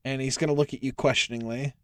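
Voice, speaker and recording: A man's voice: mid-range voice, steady tone, fast talker, fairly bright tone, no room sound. A young man running a tabletop game as game master, narrating in a casual, filler-heavy way with cursing.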